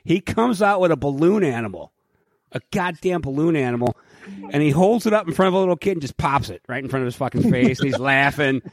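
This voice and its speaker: A man co-hosting a casual podcast, telling stories in an animated, profane way. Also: fairly high pitch, fast, dry recording, studio quality.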